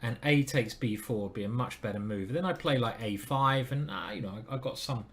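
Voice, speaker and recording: A man's voice: mid-range voice, a little fast. A man streaming live, commenting on his chess games and chatting to viewers with self-deprecating asides.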